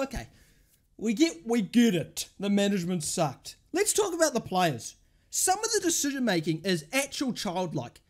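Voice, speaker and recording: A woman's voice: a little high, darkish tone. A woman hosting a football fan channel, ranting angrily about her team with lots of swearing and exasperation. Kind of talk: angry match rant.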